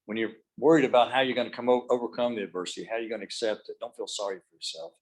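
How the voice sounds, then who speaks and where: A man's voice: fairly low pitch, fairly even intonation, racing, rough recording. A middle-aged man giving a motivational speech to a room and an online audience, telling stories and dropping his voice to make a point. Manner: storytelling, drops his voice for emphasis. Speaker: motivational speaker. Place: meeting room with live and video-call audience.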